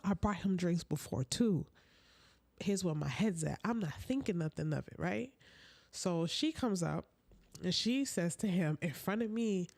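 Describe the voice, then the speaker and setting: A woman telling an animated storytime on a casual livestream, chatting loosely and dropping into whispers for asides. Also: on the low side. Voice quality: chatty, drawn-out storytelling full of "like" and "honey".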